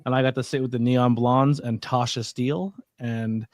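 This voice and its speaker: A man's voice: mid-range voice, steady tone, normal speed, no echo, clean studio sound. A man who is a guest on a wrestling podcast, chatting casually about a show he booked. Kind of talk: casual chat.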